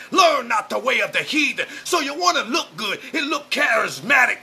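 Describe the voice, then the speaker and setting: A man preaching an emotional street sermon straight to camera, often shouting. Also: very high voice, big pitch swings, normal speed, gravelly, slight background noise. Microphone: camera mic, speaking to camera.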